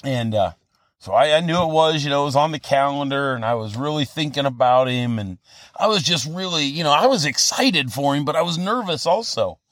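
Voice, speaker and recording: A man in his fifties talks through a personal story as a podcast host, earnest and meandering, often restarting his sentences. His voice sits a little high for a man. The sound is dry, with no room echo. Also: lively intonation, a little fast, a bit bright. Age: 50s. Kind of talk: casual motivational monologue.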